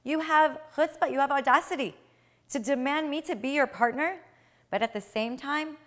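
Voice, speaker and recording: A wealthy, commanding woman speaks directly and sizes someone up, voiced by a woman storyteller. Her voice sits fairly high. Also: a bit bright, lightly acted.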